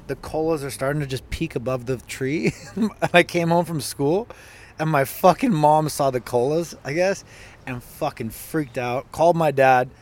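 A man co-hosting a podcast, telling an animated story in casual chat with lots of swearing. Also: on the high side, normal speed, a little hiss or hum. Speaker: podcast co-host.

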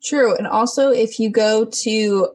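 A woman's voice: a little high, a little slow, a little mellow. A young woman in college co-hosting a podcast, chatty and earnest, with many fillers. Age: young adult. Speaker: podcast co-host. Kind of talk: podcast chat.

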